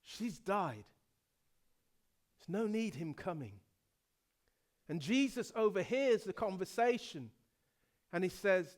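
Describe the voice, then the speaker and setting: A middle-aged male pastor from England preaching a sermon, telling the story dramatically and swinging from hushed to loud. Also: high-pitched, lively intonation, slow pace, long pauses.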